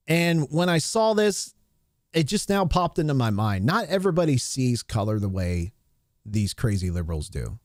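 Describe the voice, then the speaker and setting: A man's voice: medium pitch, dry recording, clean studio sound. A man hosting a casual live stream, retelling a movie scene in a rambling way, restarting sentences as he recalls details.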